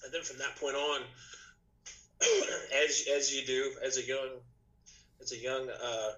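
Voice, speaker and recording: A man's voice: medium pitch, steady tone, a little slow, pushed and bright, rough recording. Rambling man telling a story. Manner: rambling, many restarts and "you know". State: slightly rough voice, clearing throat. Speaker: podcast guest, musician. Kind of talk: casual storytelling chat.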